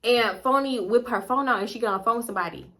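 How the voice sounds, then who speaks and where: A woman's voice: fairly high pitch, quick pace. Chatty woman telling a story. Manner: candid, animated, chatty with asides. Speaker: storytime vlogger. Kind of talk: casual storytelling.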